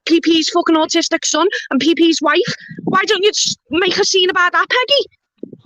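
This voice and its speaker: High, fast-talking woman ranting. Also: fairly even intonation, a bit bright, low-quality recording. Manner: fast, defensive swearing rant. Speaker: live-stream participant. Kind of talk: heated argument on a live stream. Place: in a car while driving.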